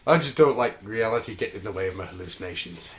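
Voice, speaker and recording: Deadpan low-voiced male co-host. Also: fast, a little hiss or hum. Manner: dry, curt, deadpan quips. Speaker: podcast co-host. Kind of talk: casual group chat.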